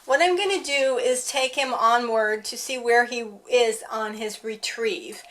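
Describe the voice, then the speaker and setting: A woman's voice: a little high, unhurried, a bit bright. A woman talking casually as she trains her dog at home, chatting to the camera and voicing what the dog might think. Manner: chatty, talks to the dog and voices his thoughts.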